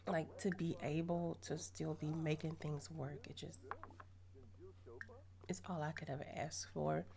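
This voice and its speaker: A woman's voice: sits low, little pitch movement, a little slow, crowd noise. A woman voicing a young woman in a life-sim game, a girlfriend answering her partner in a reassuring way. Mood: tender. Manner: warmly reassuring.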